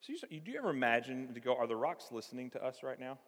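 A man preaching a sermon, animated, acting out the voices of the passage as he teaches. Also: medium pitch, fast. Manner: animated, acts out voices of the text. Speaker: pastor. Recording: reverberant hall.

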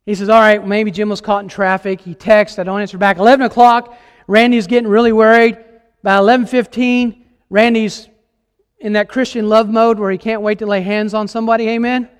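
A man's voice: sits high, steady tone, brisk, smooth, in a large hall. A man preaching a sermon as a guest preacher, emphatic and impassioned, putting questions to the congregation. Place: church sanctuary.

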